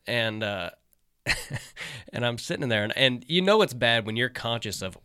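A man's voice: on the low side, moderate pace, bright, forceful tone, clean tone, no room sound, studio quality. A middle-aged man, a stand-up comedian, telling a story in casual, laid-back chat, swearing and livening up when he quotes friends.

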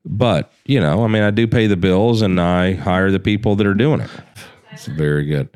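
A man hosting a casual podcast chat, laid-back and profane, quick to laugh. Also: low-pitched, a little mellow, clear, resonant tone, no room sound, clean studio sound. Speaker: podcast host and gun company owner.

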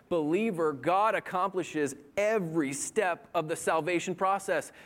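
A man's voice: sits high, a little slow, hardly any pauses. A man preaching a sermon in an earnest manner, telling a personal story and building to impassioned appeals. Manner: earnest, rising to impassioned pleading. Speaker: pastor.

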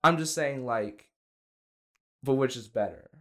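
A young man hosting a casual comedy podcast, rambling through halting restarts and trailing asides. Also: mid-range voice, pushed and bright. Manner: rambling, halting restarts, trailing "you know what I'm saying". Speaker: podcast host.

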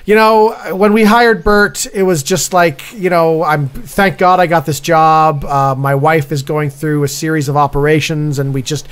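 A man's voice: a little high, steady tone, moderate pace, few pauses, fairly bright tone, clean tone, natural voice. A man in an improv comedy scene playing a call center review supervisor who rambles and hesitates with many fillers. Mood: deadpan. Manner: rambling, hesitant, full of 'uh'.

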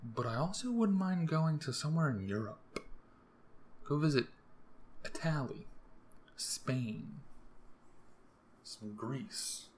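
A man's voice: fairly high pitch, expressive, slow, pauses often, a little hiss or hum. A young man hosting a solo podcast, rambling casually with crude jokes. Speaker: podcast host.

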